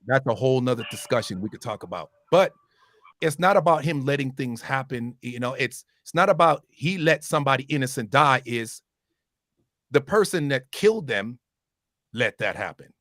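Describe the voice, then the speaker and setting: Animated man chatting, dry sound. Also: mid-range voice, moderate pace, no room sound. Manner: animated, swears freely, loud bursts. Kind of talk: casual chat.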